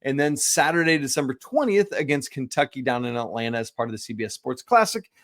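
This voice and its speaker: A man hosting a college basketball podcast in a loose, chatty way, full of quick self-deprecating asides. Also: medium pitch, lively intonation, fairly bright tone, no room sound, clean studio sound. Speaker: podcast host. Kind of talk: casual sports talk.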